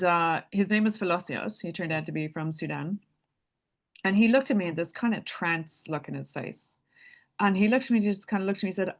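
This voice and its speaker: A woman telling a personal story in a casual, chatty way, laughing often and leaning on "like". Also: lowish voice. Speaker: spiritual speaker.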